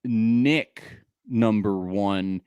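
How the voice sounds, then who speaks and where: A man's voice: on the low side, drawn-out words, darkish tone, clean tone, no room sound, clean studio sound. A man co-hosting a recap podcast in casual chat, laughing often and restarting his sentences as he talks. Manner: laughing, restarts and cuts himself off. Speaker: podcast co-host.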